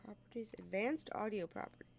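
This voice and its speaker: A woman's voice: medium pitch, lively intonation, a little fast, creaky, breathy edge. A woman game streamer with a stuffy, congested nose from a sinus infection, chatting casually and profanely with her viewers on a desk mic at home.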